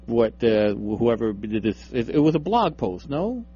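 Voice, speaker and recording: Over a dull lo-fi radio stream, a young man with a medium-pitched, very animated voice talks at normal speed. He co-hosts a radio show, bantering loosely, teasing his co-host, and laughing often.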